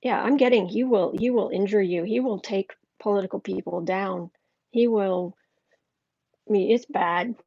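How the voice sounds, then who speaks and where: A woman's voice: mid-range voice, moderate pace, mellow, dry recording, muffled recording. A woman doing a live tarot reading, chatty and thinking aloud, with many restarts. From United States. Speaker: tarot reader.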